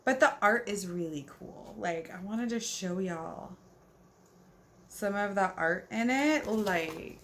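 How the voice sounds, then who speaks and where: Woman, casual reading vlog, unhurried pace, gushing, chatty, lots of "like". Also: medium pitch, expressive, fairly bright tone, slight background noise. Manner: chatty and gushing, fills speech with "like"; yawning, talking at bedtime. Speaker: book vlogger.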